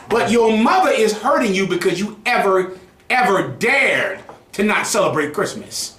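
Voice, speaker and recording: A man's voice: high-pitched, sing-song, normal speed, a bit bright, reverberant. A man preaching to a group in a heated, mocking way, swearing freely. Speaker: group teacher. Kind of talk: street preaching.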